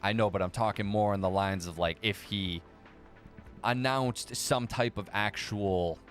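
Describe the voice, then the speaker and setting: A man's voice: fairly low pitch, unhurried, a bit bright, faint music behind. A man hosting a casual livestream, reading viewer chat and answering with profane, sarcastic banter.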